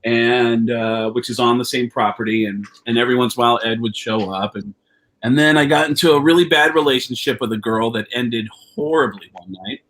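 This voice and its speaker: Heard over a video call, a comedian guest spins a long, rambling anecdote full of restarts and curses at a brisk clip. He's an animated storyteller whose pitch jumps up whenever he acts out what people said.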